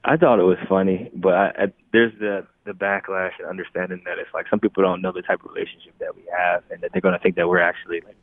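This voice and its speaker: A young man speaking as a guest in an interview, relaxed and chuckling often, sometimes restarting his phrases. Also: sits low, quick pace, no echo. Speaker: guest athlete. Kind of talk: casual interview talk. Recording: tinny phone line.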